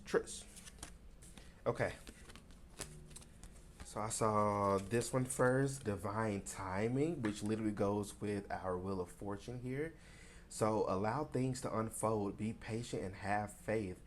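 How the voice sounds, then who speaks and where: A man from Tennessee talks through a tarot card reading in a low voice. He speaks in a loose, conversational way and often pauses with fillers. A faint hiss sits under his voice. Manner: rambling and conversational, many fillers. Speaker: tarot reader.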